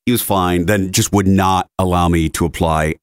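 A man's voice: deep voice, moderate pace, smooth, no echo. A man in his thirties co-hosting a casual podcast, telling stories animatedly and acting out what people said. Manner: animated storyteller, acts out quotes in big voices. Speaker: podcast co-host. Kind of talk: casual chat. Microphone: studio mic at a console.

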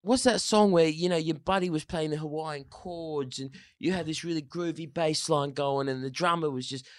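A man's voice: on the high side, normal speed, no room sound, voice pushed up, close to an everyday voice. A man doing an impression of an older English rock star with an English accent, speaking in a raised, lilting voice. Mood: enthusiastic.

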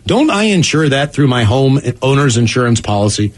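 A man co-hosting a radio show in casual banter, animated and often stumbling over his restarts. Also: medium pitch, moderate pace.

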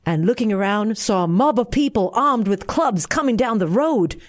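A woman with a Singaporean accent reading a bedtime fable aloud in a gentle, expressive way. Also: mid-range voice, moderate pace, hardly any pauses. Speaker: narrator.

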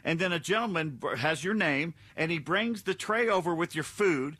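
Bright-voiced older male radio co-host. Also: fairly high pitch, moderate pace. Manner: animated anecdote telling, acts out quotes. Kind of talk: talk radio storytelling. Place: radio studio. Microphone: studio microphone.

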